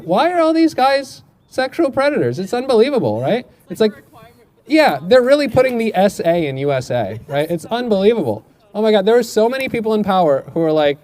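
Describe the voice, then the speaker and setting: Street comic firing off political one-liners. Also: male voice, sits high, a little mellow. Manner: quick-fire political one-liners, teasing passers-by. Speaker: stand-up comedian. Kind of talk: street stand-up crowd work. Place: outdoors on a city street. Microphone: amplified through a portable speaker.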